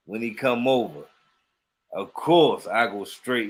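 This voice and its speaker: Man with AAVE telling a story slowly. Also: lowish voice. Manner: animated storyteller, acts out quoted dialogue, laughs often. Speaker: podcast co-host. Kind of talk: casual storytelling chat.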